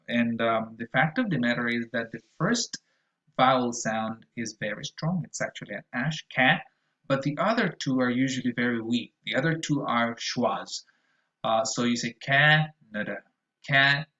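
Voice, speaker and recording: A man's voice: medium pitch, fairly bright tone, lo-fi sound. Patient man teaching pronunciation. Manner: explanatory, patient, models sounds aloud. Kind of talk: recorded video lecture.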